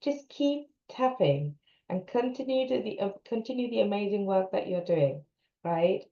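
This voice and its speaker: A woman coach guiding listeners through an EFT tapping session, calmly instructing them and repeating tapping phrases. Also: mid-range voice, moderate pace, creaky. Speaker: co-parenting coach. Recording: roomy, dull lo-fi sound.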